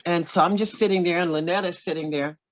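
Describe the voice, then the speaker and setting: A woman in her seventies from Oklahoma, a singer and interview guest, telling a story in an animated way and acting out other people's lines. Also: fairly low pitch, quick pace, poor audio. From Oklahoma, USA.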